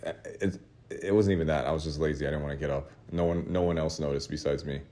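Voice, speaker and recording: Guy with a really low voice just rambling thru a funny story, mocks himself a lot. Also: fairly even intonation, quick pace. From Los Angeles area. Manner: rambling, self-mocking, with laughs and shouted re-enactments. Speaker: artist telling a story to his audience. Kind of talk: casual storytelling monologue.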